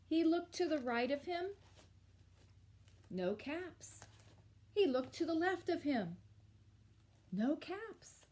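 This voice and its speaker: A woman teacher reading a picture book aloud to children, with expressive storytelling and little asides. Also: high voice, slow pace, pauses often, a little hiss or hum. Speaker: elementary school teacher.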